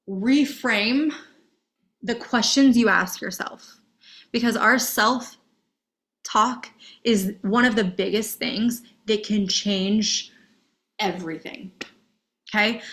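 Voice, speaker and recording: A woman's voice: mid-range voice, slow, pauses often, fairly bright tone. A young woman coaching in a casual, candid masterclass, swearing freely and checking in with "okay?" often. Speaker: dating and self-help coach.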